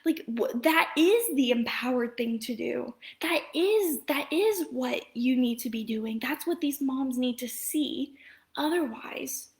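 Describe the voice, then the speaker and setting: A heavily pregnant mom coach in her thirties speaks earnestly to viewers on Facebook Live. Her voice is high and a little slow, and she rambles with many fillers and restarts, often slipping into a soft whisper.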